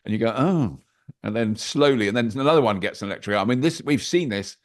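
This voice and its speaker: Older man, deep-set voice, chatty and wry, telling stories on a video call. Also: rapid-fire. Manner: animated, anecdotal, with wry asides. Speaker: podcast guest. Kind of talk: casual interview chat.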